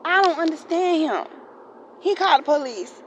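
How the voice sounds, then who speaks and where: Casting: woman, 40s, vlogger ranting to camera, blunt and swearing, fairly high voice, faint hum behind. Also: lively intonation, normal speed, muffled recording. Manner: blunt, profane venting with many repeats. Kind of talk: unscripted storytime rant to camera.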